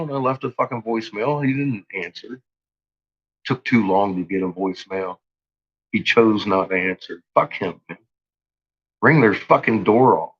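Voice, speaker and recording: A man's voice: mid-range voice, animated, moderate pace, pauses often, fairly bright tone, breathy edge, muffled recording. A man vlogging an angry rant to his viewers. He swears constantly and stumbles through restarts. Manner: agitated, profane, stumbling restarts.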